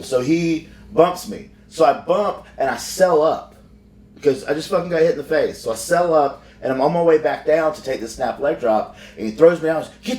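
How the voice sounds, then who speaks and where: A man's voice: on the high side, a little mellow. Profane man telling a backstage story. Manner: rambling, profane, frequent restarts. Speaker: professional wrestler. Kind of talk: casual storytelling on a podcast. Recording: roomy sound from far off.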